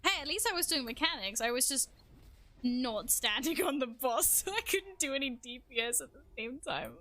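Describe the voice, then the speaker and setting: Bright-voiced excitable woman streamer. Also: sits high, moderate pace. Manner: excitable, swears, self-deprecating outbursts. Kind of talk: live gameplay commentary.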